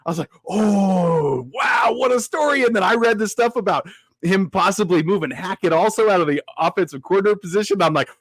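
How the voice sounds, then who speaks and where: A man co-hosting a sports podcast, talking in an excitable, gleeful way. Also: sits high, quick pace, no echo. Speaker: podcast co-host. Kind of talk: casual sports talk.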